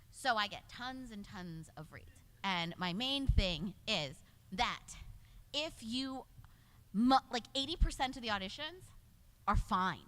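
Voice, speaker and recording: A woman's voice: medium pitch, fairly bright tone. A middle-aged woman, a voice actor and casting director, chatting casually on a convention panel with frequent laughs.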